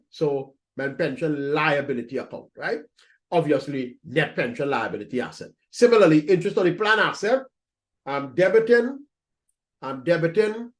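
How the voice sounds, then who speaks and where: A man teaching accounting in a recorded lecture, talking students through entries step by step, repeating his points and checking in with "right?". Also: a little high. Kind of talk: screen-recorded lecture walkthrough.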